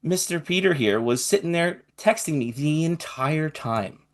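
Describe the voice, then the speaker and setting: A man giving an emotional personal testimony, earnest, growing quieter and softer as if holding back tears. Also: fairly high pitch, animated, unhurried.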